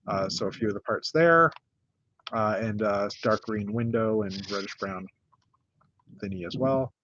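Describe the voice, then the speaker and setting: A middle-aged man from North America hosting a casual chat, rambling through a list with many pauses and restarts. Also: fairly low pitch, fairly bright tone, muffled recording, slight background noise. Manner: rambling, lots of uh and restarts, shows builds one by one. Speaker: podcast host.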